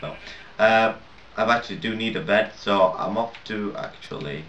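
A young man who isn't a native English speaker rambles and swears through casual gameplay commentary, laughing at his own mistakes. His voice is on the low side and fairly bright, at a normal speed, with a little hiss or hum. It's captured on a lo-fi, roomy home mic set at a distance.

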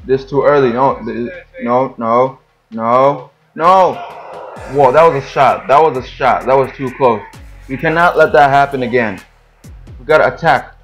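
A young man hosting his gaming channel, giving live, excitable commentary on a football game, yelling and groaning at the play and complaining often. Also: mid-range voice, normal speed, soft background music.

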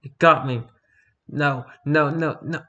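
A man's voice: fairly high pitch, steady tone, slow pace, sharp tone, dull audio, pitched above the performer's own voice, full character voice. A man voicing a panicked male convict prisoner who pleads and begs. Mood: terrified. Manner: pleading, then frantic and screaming.

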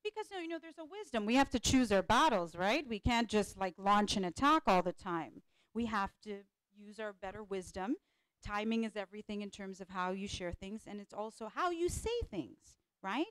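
A woman who is a speaker and life coach energetically motivates a live audience from a conference panel in a conference hall, with repeated phrases and regular "right?" check-ins. Her mid-range voice moves at a moderate pace, and the tone is clean with no echo.

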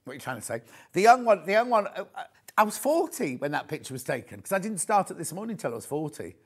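A middle-aged man presenting a live shopping channel, chatty and excitable, often raising his voice. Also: sits high, quick pace, slightly rough. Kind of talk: live TV sales pitch. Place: TV studio.

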